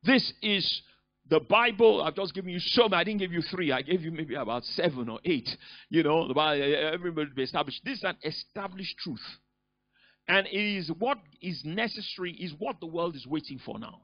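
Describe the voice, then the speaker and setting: A man preaching a sermon as pastor, emphatic, often rising into loud bursts. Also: a little high, expressive, normal speed, no echo. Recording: dull lo-fi recording.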